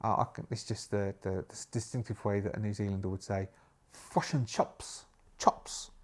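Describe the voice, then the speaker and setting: A man's voice: on the low side, flat delivery, quick pace, a little mellow. A man reading a solo horror adventure aloud and commenting on his own rolls and choices as he plays. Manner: reads the story, then thinks aloud with asides. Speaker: solo game player and narrator.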